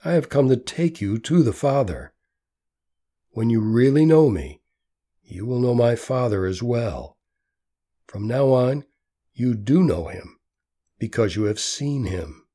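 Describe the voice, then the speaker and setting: Calm male teacher, solemn and gentle, husky low tone, unhurried as a man reads him. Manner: slow, measured teaching.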